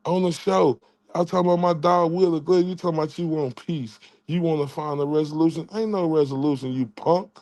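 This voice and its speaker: A man's voice: fairly high pitch, fairly even intonation, fairly quick, darkish tone, no echo. Taunting man ranting into a dry mic. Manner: taunting, mocking, stammering repeats. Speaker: channel host. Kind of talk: trash-talking livestream rant.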